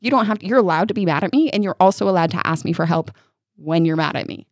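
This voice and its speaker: A woman in her thirties co-hosting a podcast, telling stories in a lively way and acting out what people said. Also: lowish voice, fast, no room sound, clean studio sound. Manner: animated storytelling, acting out quotes. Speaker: podcast co-host. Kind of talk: casual chat.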